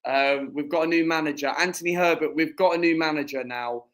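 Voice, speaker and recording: A man's voice: fairly high pitch, fairly even intonation, a little fast, a bit bright. A man co-hosting a casual fan chat stream who insists on his points and repeats the same lines. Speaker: co-host.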